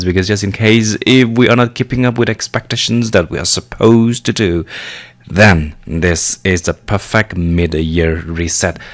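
A man hosting a morning radio show from a studio, speaking in an upbeat, chatty way and often saying "you know". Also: low voice. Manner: upbeat, chatty, calls listeners "lovelies", many "you know" fillers. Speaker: radio host. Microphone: studio microphone.

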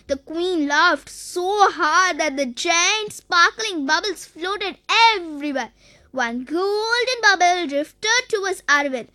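Sing-song children's story narrator, very high and unhurried, dry close sound. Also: pushed and bright, dry recording.

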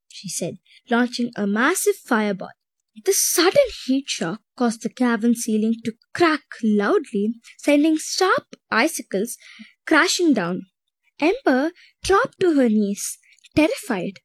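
Brief: woman storyteller for kids, bright high voice, close and dry. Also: measured pace, no room sound. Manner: expressive, storytelling. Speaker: narrator. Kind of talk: children's storybook narration.

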